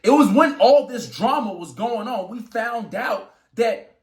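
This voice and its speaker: A young man, a boxer telling his story casually, animated and swearing as he acts out quotes. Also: high voice, takes it slowly. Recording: echoey room.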